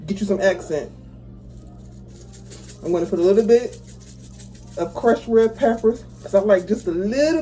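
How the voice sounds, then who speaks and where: In a home kitchen, a home cook chats easily with viewers, walking them through a recipe step by step and laughing readily. The voice is medium-pitched with a dark tone, and the recording quality is low.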